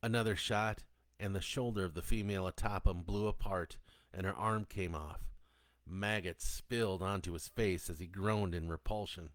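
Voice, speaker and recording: A man narrating a zombie horror story, reading in a steady, descriptive storytelling manner. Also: sits low, normal speed, no echo. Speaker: audiobook narrator.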